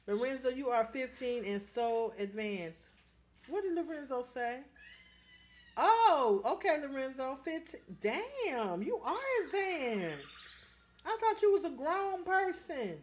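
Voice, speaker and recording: A middle-aged woman, chatting casually on a livestream, reading viewer comments aloud and often laughing as she talks straight to her viewers. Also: fairly high pitch. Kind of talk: casual live chat.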